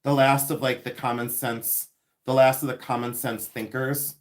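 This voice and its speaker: A man's voice: mid-range voice, flat delivery, normal speed. A man in his fifties from Ohio, hosting a rambling, chatty livestream and talking with viewers. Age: 50s. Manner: chatty and rambling, laughs often. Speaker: livestream host selling vintage jewelry. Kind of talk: casual live chat with viewers.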